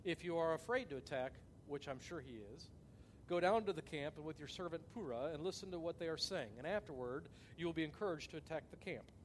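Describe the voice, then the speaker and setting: A man preaching a sermon, telling the story with lively acted-out quotes and big swings between loud and soft. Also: a little high, a little fast, a little hiss or hum. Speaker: pastor.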